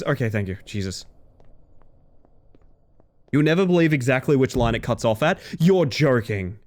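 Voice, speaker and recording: Lively, chatty man streaming a game. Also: mid-range voice, normal speed, long pauses. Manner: chatty and rambling, laughs easily. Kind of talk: casual gaming-stream chat.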